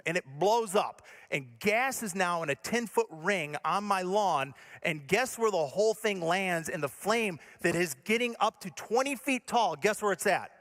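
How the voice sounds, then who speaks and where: A male pastor telling a story in a sermon, animated and self-mocking, acting out his own panic. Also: high-pitched, normal speed, hardly any pauses. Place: church stage.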